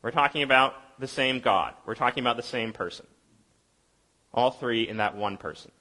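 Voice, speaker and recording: A man preaching a sermon in a conversational, explaining way, asking rhetorical questions and reading scripture aloud slowly. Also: mid-range voice, bright, forceful tone. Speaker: pastor.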